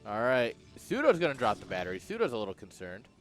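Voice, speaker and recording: A man casting a strategy game match in a relaxed, jokey play-by-play style, chuckling often. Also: medium pitch, fast, soft background music. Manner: laid-back, chuckling, jokey. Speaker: esports caster. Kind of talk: casual play-by-play commentary.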